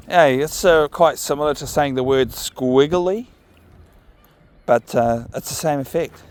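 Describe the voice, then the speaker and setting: A man's voice: fairly high pitch, unhurried, smooth. A man, chatting casually to camera while walking his dog outdoors by the sea. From New Zealand. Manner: relaxed, chatty, talks to his dog with soft commands. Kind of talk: casual outdoor vlog chat. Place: outdoors by a marina on a windy evening walk.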